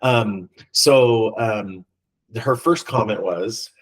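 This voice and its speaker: Male podcast co-host, low-pitched, casual and rambling, hesitant with fillers. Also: very slow, husky, rough recording. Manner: rambling with many ums and restarts. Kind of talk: casual chat.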